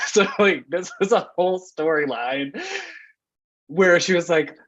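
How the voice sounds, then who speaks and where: A man's voice: a little high, unhurried, no echo. Chatty man, dull dry audio. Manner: chatty, gossipy, laughs often. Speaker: podcast guest. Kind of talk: casual chat.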